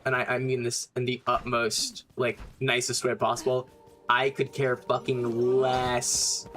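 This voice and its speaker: A man's voice: a little high, expressive, unhurried, fairly bright tone, faint music behind. A young man casually commenting while streaming a game, blunt and rambling, swearing often.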